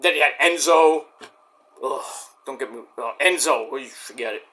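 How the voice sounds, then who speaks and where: A man's voice: mid-range voice, normal speed, bright, forceful tone. A man ranting casually about wrestling, profane and rambling, acting out quoted voices along the way. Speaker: wrestling commentary vlogger. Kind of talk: casual rant.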